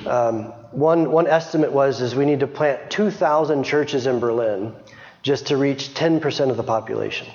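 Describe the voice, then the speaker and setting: A man's voice: medium pitch, normal speed, a little mellow. A middle-aged man giving an informal missionary report to a church, chatty, with frequent restarts. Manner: chatty, many restarts and small laughs. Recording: dull sound, long hall reverb.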